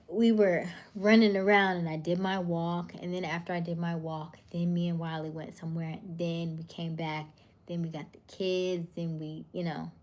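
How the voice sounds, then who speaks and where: A woman in her thirties hosting a casual livestream, reading viewer comments in a soothing voice and often dropping to a soft murmur. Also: lowish voice. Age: 30s. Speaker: livestream host.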